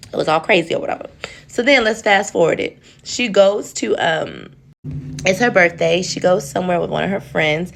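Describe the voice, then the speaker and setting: With a medium pitch, moderate pace, and vocal fry, a woman narrates a story in a chatty vlog, addressing viewers like family. She acts out each person in the story using different voices.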